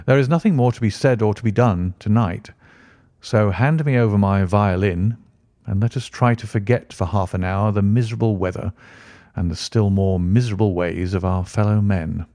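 A man's voice: fairly low pitch, mellow, no echo, clean studio sound, natural voice. A man voicing a precise, brooding Victorian detective. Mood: explaining. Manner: precise, measured deduction. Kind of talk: audiobook character reading.

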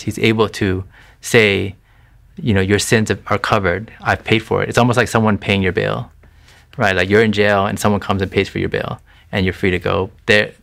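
A man's voice: lowish voice, gravelly, fairly bright tone. A man giving an earnest, conversational faith testimony in an interview, talking with frequent restarts and "you know". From Thai family background. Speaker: interview guest sharing his faith testimony.

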